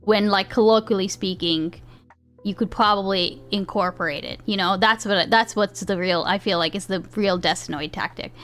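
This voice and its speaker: A woman's voice: medium pitch, moderate pace, a bit bright. A woman livestreamer chatting casually with her chat, rambling, restarting sentences and laughing often. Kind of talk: casual live-stream chat. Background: faint chill background music.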